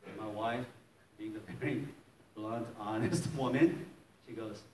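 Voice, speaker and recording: A man's voice: fairly low pitch, unhurried, recorded from a distance, heavy background noise. Man preaching, echoey church hall. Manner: storytelling, chuckling often, acting out quotes. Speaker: pastor. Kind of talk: sermon.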